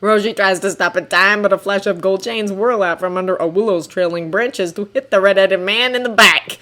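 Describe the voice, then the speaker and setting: A woman narrating a fan-written story as an expressive audiobook reading. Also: medium pitch, moderate pace. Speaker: fanfiction reader.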